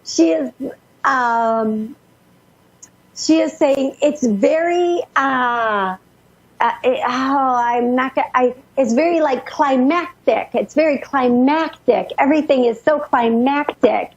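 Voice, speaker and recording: A high-voiced woman with a husky, breathy tone channels messages for a caller, hurrying and restarting her sentences as the words tumble out. The sound is dull and lo-fi, like an old radio broadcast. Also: darkish tone. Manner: rushed, breathless relaying with many restarts. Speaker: psychic medium radio host.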